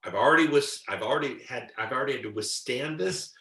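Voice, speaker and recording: A man's voice: medium pitch, fast talker, fairly bright tone. A man giving a live-streamed spiritual teaching talk and taking viewer questions. He speaks in an earnest, emphatic way and acts out his own inner voice. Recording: roomy echo.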